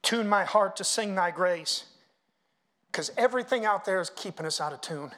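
A middle-aged male pastor preaching a sermon in a church, swinging from hushed asides to loud, chanted hymn lines. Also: sits high, moderate pace.

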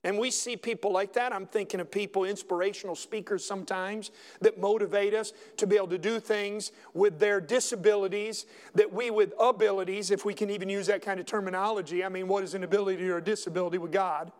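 A male pastor delivers a sermon in a high, light voice. He preaches with mounting emphasis, and the sound carries the long reverb of a large hall. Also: steady tone, fast, few pauses.

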